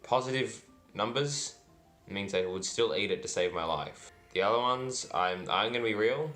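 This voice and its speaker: Deep-voiced man rambling through a food review. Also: animated, moderate pace, a bit bright, faint music behind. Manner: dry, self-deprecating, rambling with fillers. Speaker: food vlogger. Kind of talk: casual food review vlog.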